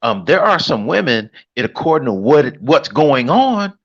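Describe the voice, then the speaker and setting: Husky-voiced man in lively panel chat. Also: medium pitch, moderate pace. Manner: animated, restarts and repeats often. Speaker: panel host. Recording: lo-fi online call audio.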